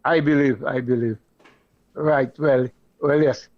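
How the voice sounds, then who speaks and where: A man's voice: mid-range voice, steady tone. Guy calling into radio, agreeing a lot, kinda dull lo-fi phone sound. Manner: agreeable, quick affirmations. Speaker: caller.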